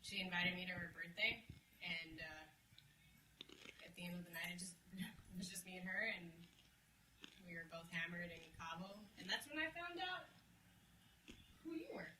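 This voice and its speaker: A woman talks casually as an interview guest, loose and laughing, with a swear here and there. Her voice rings in an echoey room, and a clear background noise sits under it. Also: lowish voice, lively intonation, normal speed, pauses often. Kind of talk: casual chat.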